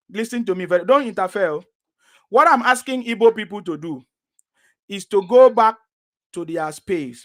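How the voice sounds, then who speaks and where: A man's voice: high-pitched, a bit bright. A man hosting a heated live discussion who lectures insistently and repeats himself. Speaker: host.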